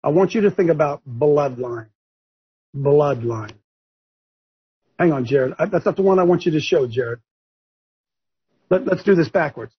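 A high, very husky man's voice rises and falls as he leads a preaching-style group discussion. He repeats himself and calls on his listeners one by one. The sound comes through muffled video-call audio. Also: animated, a little slow, long pauses. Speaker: group leader addressed as coach. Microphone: video call microphone.

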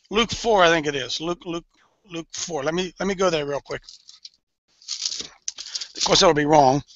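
Folksy, emphatic preaching man with a high voice. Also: pushed and bright, no room sound, poor audio. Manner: folksy and emphatic, repeats key phrases. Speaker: men's ministry leader. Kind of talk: informal sermon.

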